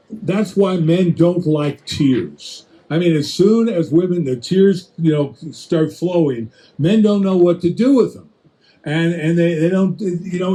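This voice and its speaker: A man preaching in a conversational Bible-teaching style, addressing listeners directly with quick restarts and acted-out asides. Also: sits high, mellow, low-quality recording.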